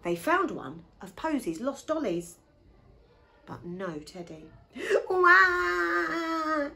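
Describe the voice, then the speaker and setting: A woman reading a picture book aloud to young children, as a teacher. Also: fairly low pitch. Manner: expressive, slow, lively.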